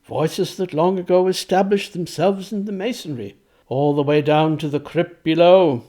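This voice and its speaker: A man's voice: fairly high pitch, normal speed, dark tone, pitched above the performer's own voice, lightly acted. A man reading aloud, voicing a frank, wry older clergyman of the 1700s who speaks in a knowing, confiding way.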